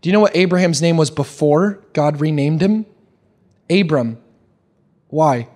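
A young man preaching a sermon, animated, with quick restarts and questions put to the congregation. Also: a little high. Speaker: pastor.

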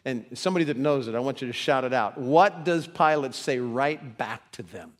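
A man preaching a sermon as pastor, acting out quoted voices with big pitch swings. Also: normal speed, big-room sound.

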